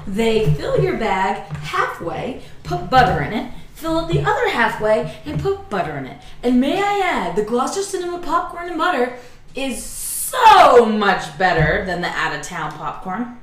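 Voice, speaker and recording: A woman's voice: a little high, very animated, normal speed, a bit bright, echoey room, low-quality recording. A woman co-hosting a casual chat show, bubbly and rambling, laughing often. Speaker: podcast co-host.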